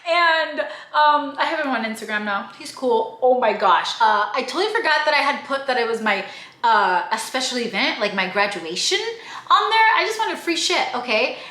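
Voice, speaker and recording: A young woman vlogging casually about her trip, chatty and animated, swearing offhand and acting out the people she met. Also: on the high side, a little fast. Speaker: travel vlogger. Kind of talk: casual travel vlog. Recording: echoey room.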